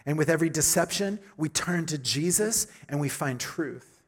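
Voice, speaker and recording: A middle-aged man preaching a sermon with emphatic delivery, repeating key phrases and building to loud high peaks. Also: expressive, normal speed, slightly rough. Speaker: pastor.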